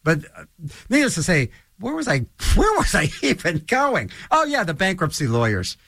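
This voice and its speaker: A man's voice: high-pitched, huge pitch swings, moderate pace, gravelly, bright, forceful tone, no echo, studio quality. A man hosting his own show in a rambling solo monologue, full of restarts and stammers.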